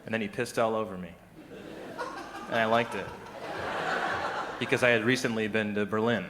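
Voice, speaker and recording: A man's voice: on the low side, steady tone, moderate pace, very noisy. A man performing a stand-up comedy set, chatty and loose, chuckling at his own lines and putting on mock voices for the people he quotes. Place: live comedy venue with audience.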